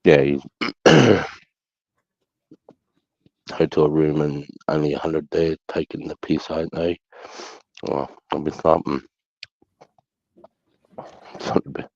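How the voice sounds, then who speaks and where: A man's voice: rumbling low, takes it slowly, gravelly, pauses often, darkish tone, dry recording. A middle-aged Australian man telling stories in casual chat, blunt and sweary. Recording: dull lo-fi sound.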